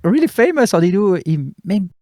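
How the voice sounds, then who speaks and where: A high-pitched, lively young Frenchman talking in accented, halting English, laughing as he goes. His voice is dry and close, with no room sound. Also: no room sound. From France. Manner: animated, laughing, halting non-native English. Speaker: guest comedian. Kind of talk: casual chat.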